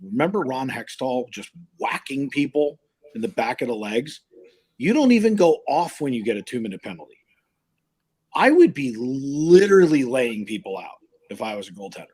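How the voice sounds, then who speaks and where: A man's voice: medium pitch, big pitch swings, normal speed, darkish tone, husky. A man hosting a live hockey show, ranting animatedly and incredulously in casual sports chat.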